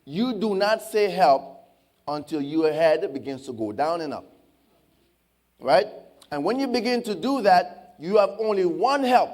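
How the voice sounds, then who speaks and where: A man preaching a sermon as pastor in a church, slow and impassioned, with dramatic pauses. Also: sits high, lively intonation, darkish tone. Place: church sanctuary.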